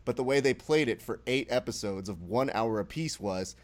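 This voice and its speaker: A man co-hosting a casual wrestling podcast, animated and profane, acting out quotes as he talks. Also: medium pitch, normal speed, few pauses. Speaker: podcast co-host.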